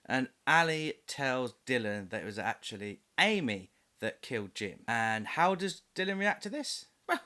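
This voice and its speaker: A man's voice: mid-range voice, very animated, moderate pace, few pauses, bright, forceful tone. A man doing a comedic voice-over review of a film, sarcastic and mocking, with frequent laughs.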